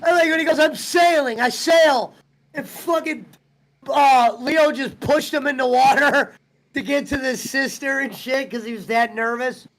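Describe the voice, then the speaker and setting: Male streamer host, unusually high voice, swears freely while rambling through stories in loose chat. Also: normal speed, fairly bright tone, poor audio. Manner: profane, rambling storyteller. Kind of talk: casual chat.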